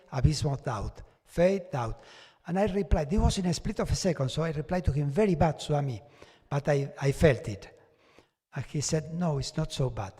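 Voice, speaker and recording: In a large devotional hall with a long, echoing reverb, a man with a fairly high, husky voice gives his testimony. He tells his personal story animatedly, chuckling and acting out quoted lines for the audience.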